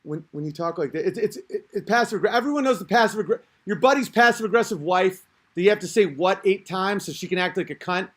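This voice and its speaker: A man's voice: high-pitched, fast talker, fairly bright tone. A man hosting a podcast, talking in a rambling, crude, self-interrupting casual rant. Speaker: podcast host.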